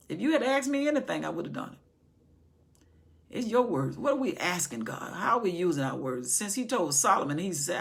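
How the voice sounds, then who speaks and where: Emphatic gravelly woman teaching scripture. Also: lowish voice, sing-song, normal speed. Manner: emphatic, dramatic scripture reading. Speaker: Bible teacher. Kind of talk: Bible study sermon.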